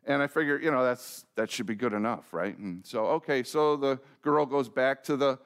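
A man's voice: mid-range voice, moderate pace, clear, resonant tone. A middle-aged man preaching as a pastor, telling a self-deprecating story and asking the congregation direct questions. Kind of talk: sermon with a humorous personal story.

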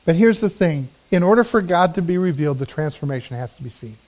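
Man, pastor, sermon, earnest storytelling, higher voice. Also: animated, fast, darkish tone. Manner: storytelling, earnest, emphatic swells.

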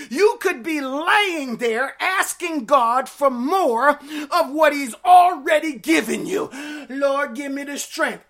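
A woman pastor in her fifties preaching a sermon, shouting fervently and laughing often. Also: high-pitched. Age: 50s.

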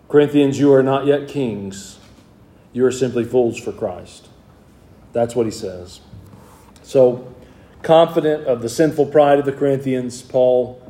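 A man's voice: medium pitch, mellow, roomy sound. A man preaching an evening sermon, reading scripture aloud and then explaining it in plain words. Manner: reads scripture in King James wording, then explains it plainly.

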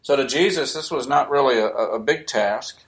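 A man's voice: medium pitch, normal speed. A man preaching a sermon, emphatic and repeating key phrases, sometimes raising his voice. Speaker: pastor. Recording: echoey room.

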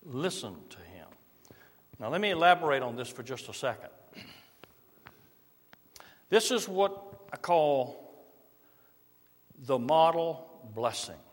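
A middle-aged man preaching a sermon, reading scripture and dropping to soft, slow emphasis on key lines. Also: a little high, lively intonation. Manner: varies loudness widely, drops to soft slow emphasis. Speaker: pastor. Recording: long reverb of a large hall.

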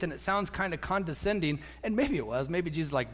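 A man preaching a sermon as a pastor, animated, acting out quotes and repeating words as he goes. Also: high-pitched, a little fast, few pauses. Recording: echoey hall.

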